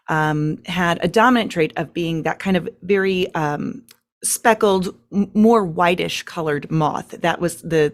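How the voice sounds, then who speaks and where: A woman giving a presentation to a meeting as guest speaker, chatty, with many fillers and short laughs. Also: lowish voice.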